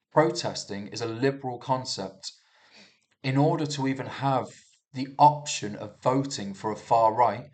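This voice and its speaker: A man's voice: medium pitch, darkish tone. Heated rambling man. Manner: heated, rambling, frequent restarts and swearing. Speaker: commentator reviewing the news. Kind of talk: casual rambling monologue.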